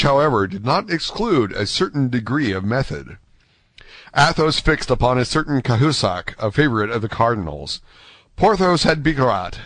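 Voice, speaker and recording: A man reading an audiobook aloud in a steady, measured way. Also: medium pitch, dry recording. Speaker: audiobook narrator. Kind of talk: scripted narration.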